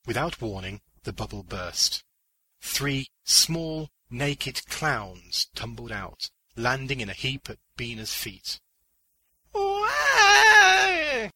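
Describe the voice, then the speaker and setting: Male narrator, husky, very bright tone, slow measured pace, dry close-miked sound, audiobook fiction. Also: mid-range voice, dry recording, rough recording. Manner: measured, deliberate storytelling.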